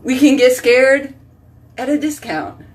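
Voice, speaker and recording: A woman's voice: sits high, steady tone, slow, far from the mic. A woman hosting a casual live stream, chatting with viewers by name and rambling from topic to topic. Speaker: host reading live chat.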